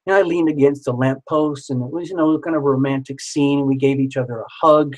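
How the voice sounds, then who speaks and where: A man's voice: mid-range voice, fairly even intonation, fast talker, rough recording. A man telling a story casually, rambling and repeating himself, with some swearing.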